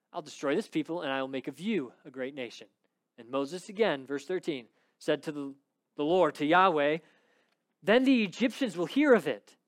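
A man preaching a sermon and reading scripture aloud. He rises high when he stresses a point, then drops low and quiet. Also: dry recording, studio quality.

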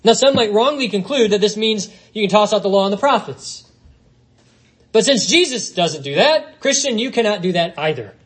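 A man's voice: high-pitched, animated, normal speed, breathy edge, rough recording. A man preaching a sermon, reading scripture aloud and working through it with rhetorical questions. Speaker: pastor.

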